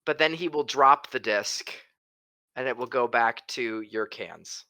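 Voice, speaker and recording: Brief: jokey male co-host, casual and crisp-toned. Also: medium pitch, a little slow, bright, forceful tone. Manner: playful, jokey, slips into silly voices. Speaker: podcast co-host. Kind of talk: casual chat.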